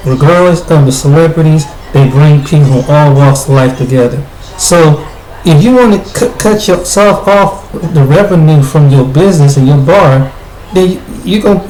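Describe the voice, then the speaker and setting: A man from the United States delivers a blunt spoken commentary in a mellow, somewhat high voice. He restarts and repeats words often as he talks. The recording is roomy and echoey, with a faint noise underneath. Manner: blunt, repetitive, with frequent restarts. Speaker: video commentator.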